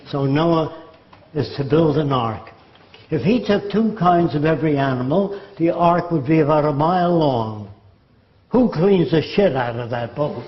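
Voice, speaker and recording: In a dull, lo-fi recording from an echoey room, an older man gives a lecture monologue with a slightly high voice. He turns sardonic and mocking whenever he mimics quotes, and a faint hiss or hum sits under the audio.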